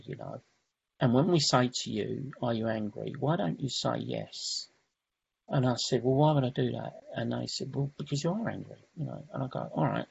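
A man's voice: mid-range voice, gravelly, a little mellow, slightly rough, dull audio. A man sharing his recovery story at a meeting, rambling, with many restarts and "you know"s. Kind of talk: personal recovery share.

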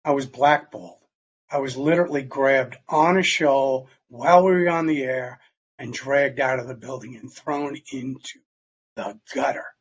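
An older man shares his recovery story in a casual, conversational way and acts out the dialogue he quotes. His voice is husky and of middling pitch. The recording is dull and lo-fi. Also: moderate pace. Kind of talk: personal testimony talk.

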